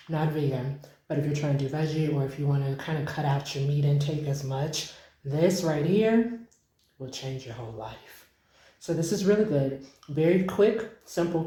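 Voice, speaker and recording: Chatty low-voiced woman in echoey kitchen. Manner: chatty and excitable, addresses viewers as y'all. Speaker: home cooking vlogger. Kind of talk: casual cooking vlog. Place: home kitchen, indoors.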